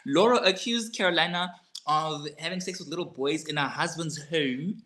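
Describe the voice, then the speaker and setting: Brief: woman co-host, lively storyteller, casual chat recap. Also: normal speed. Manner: animated storytelling, reads out highlights with laughter. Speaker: podcast co-host.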